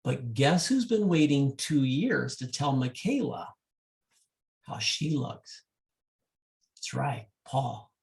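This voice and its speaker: A man working as a wedding DJ, speaking directly to couples and telling a love story in an animated way. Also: mid-range voice, slow pace, gravelly, pauses often.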